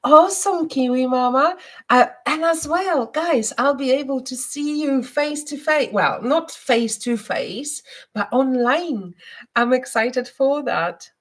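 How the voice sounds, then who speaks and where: A woman hosting a live stream and giving spiritual readings, talking gently with many hesitations and repeated words. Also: sits high, slow pace. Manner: soft and gentle, guiding breathing.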